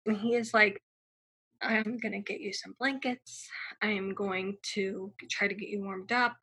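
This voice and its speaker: A woman's voice: mid-range voice, fairly even intonation, unhurried, bright, forceful tone, breathy edge. A young woman telling her personal story in a casual, chatty way, full of fillers and acted-out quotes.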